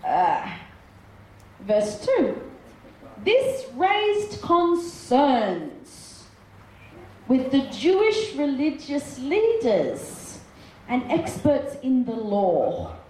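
A woman's voice: sits high, wildly swooping pitch, extremely slow, warm tone, a little hiss or hum. A woman preacher giving a sermon with Bible readings, emphatic and repeating words for effect. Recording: echoey room with faint ambience.

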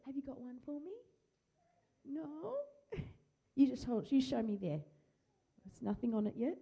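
Gentle high-voiced woman pastor. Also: lively intonation, unhurried, gravelly, pauses often, slightly rough. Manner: gentle, encouraging, repeats phrases. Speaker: pastor leading a church service. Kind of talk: worship prayer and children's talk. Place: church hall. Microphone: handheld microphone.

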